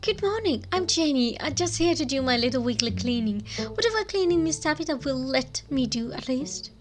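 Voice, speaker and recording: A woman's voice: sits high, lively intonation, normal speed, over music. A woman voicing a sweet, rambling, cheerful middle-aged cleaning woman. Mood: cheery.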